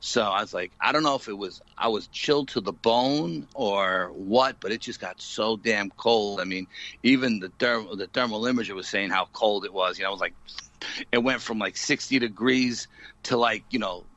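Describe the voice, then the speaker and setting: A man being interviewed as a paranormal investigator, retelling an eerie night in an animated, dramatic way full of "you know". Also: on the low side, normal speed, dry recording, muffled recording. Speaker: paranormal investigator, podcast guest. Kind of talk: storytelling in a casual interview.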